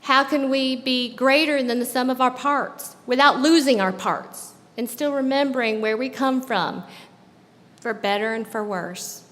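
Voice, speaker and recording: Woman from the south, high voice, chatty stage talk w/ lots of "right?", live venue echo hanging in the room. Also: a little slow, fairly bright tone. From American South. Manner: conversational, asks the audience with tag questions. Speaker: guest speaker. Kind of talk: personal storytelling talk on stage. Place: live show at a club venue.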